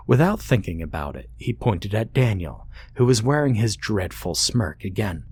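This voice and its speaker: Male horror narrator, low and husky, measured pace. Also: sing-song, a little mellow. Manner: measured, deliberate storytelling. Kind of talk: scripted narration.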